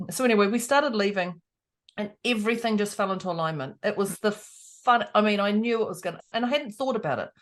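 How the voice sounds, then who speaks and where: Animated storytelling woman. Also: mid-range voice, fairly quick. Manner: animated storytelling, acting out quoted dialogue, frequent laughs. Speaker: podcast co-host. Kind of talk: casual chat.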